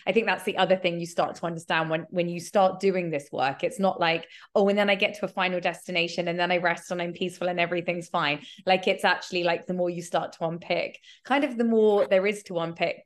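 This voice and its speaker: A woman hosts a casual podcast chat with a lower, gentle voice. She speaks reflectively and encourages her guest. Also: fairly even intonation, fast talker, few pauses. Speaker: podcast host.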